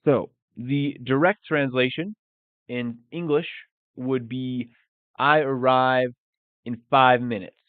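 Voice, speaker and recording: A man teaching a live language lesson at an unhurried pace, stressing each example phrase as he repeats it. His voice comes through smooth and clear, but thin and narrow, like a phone line in a dry room. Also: mid-range voice, fairly even intonation, no echo. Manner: explains slowly, repeats example phrases with emphasis. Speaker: English teacher.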